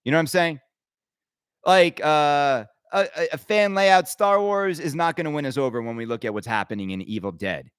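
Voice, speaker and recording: A man's voice: on the high side, lively intonation, moderate pace, fairly bright tone, smooth, no room sound, clean studio sound. A man hosting his own podcast, ranting his opinions emphatically and rambling, with frequent stammered restarts. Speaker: podcast host.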